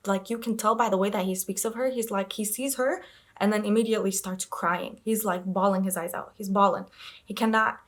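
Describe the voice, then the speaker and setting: A woman's voice: medium pitch, steady tone, a little fast. A young woman in a casual reading vlog, chattily rambling through a plot recap with lots of filler words. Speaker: book vlogger.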